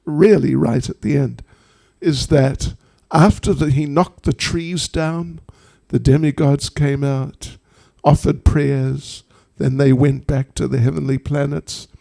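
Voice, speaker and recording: A man's voice: fairly high pitch, steady tone, slow, creaky, few pauses, dark tone. A man, a spiritual teacher, telling a devotional story to an audience with humorous, chatty asides.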